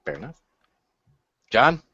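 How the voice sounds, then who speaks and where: A man hosting a casual podcast, easygoing and quick to laugh, with the odd swear word. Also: bright, forceful tone. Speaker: host. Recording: dry, dull lo-fi sound.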